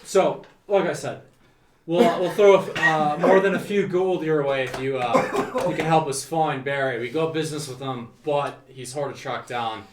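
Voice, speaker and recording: A man's voice: fairly high pitch, steady tone, moderate pace, slight background noise, lightly acted. A man playing a hedging red-cloaked negotiator. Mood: persuasive. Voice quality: hedging, with many fillers. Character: smooth-talking male negotiator in a red cloak. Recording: roomy sound from a distance.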